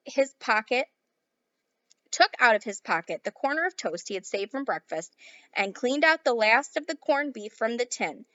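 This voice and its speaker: A woman's voice: fairly high pitch, dry recording, muffled recording. A woman teacher reading a children's novel aloud to her class, then giving the students a task. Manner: clear, steady read-aloud with classroom asides.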